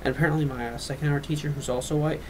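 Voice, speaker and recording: A teenage boy speaks to camera in an emotional, confessional vlog. His voice sits a bit high, and his sentences keep stopping and restarting as he rambles. A faint background hiss runs under the recording. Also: fairly even intonation, rapid-fire, rough recording. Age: teens. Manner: rambling and earnest, with frequent restarts and trailing off; emotional, fighting back tears at times. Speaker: vlogger.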